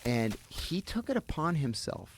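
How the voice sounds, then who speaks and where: Gravelly man telling a lively story. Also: fairly high pitch, measured pace, a little hiss or hum. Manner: animated, acts out the people he quotes. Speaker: guest. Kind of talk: storytelling in an interview.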